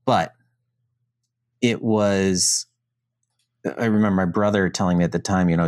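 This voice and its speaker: Middle-aged man, low voice, podcast guest, animated and frank, casual storytelling. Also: normal speed, long pauses, no room sound, studio quality.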